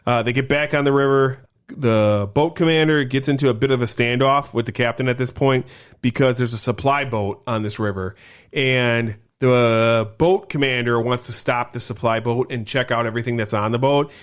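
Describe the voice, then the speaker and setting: A man co-hosting a podcast, casually recapping a movie scene by scene with lots of swearing and quick acted-out quotes. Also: medium pitch, clear, resonant tone. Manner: profane, animated storytelling with acted quotes. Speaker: podcast co-host.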